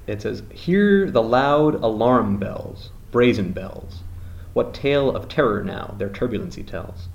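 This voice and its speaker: A male teacher with a mid-range voice reads verse slowly and quietly, with dramatic weight on each line. He then turns to the class with questions. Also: medium pitch. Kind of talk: leading a class discussion and reading a poem aloud.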